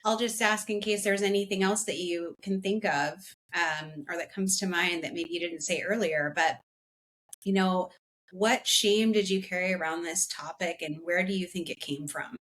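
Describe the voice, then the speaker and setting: A woman hosting a podcast, gently asking her guest a closing question. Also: fairly low pitch, normal speed. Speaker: podcast host. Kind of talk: interview.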